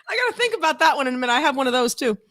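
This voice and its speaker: A woman co-hosting a podcast in casual chat, her high voice bright and cutting. She is blunt and teasing and slips easily into rants. The sound is close and dry. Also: dry recording. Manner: blunt, teasing and quick to rant. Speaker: podcast co-host.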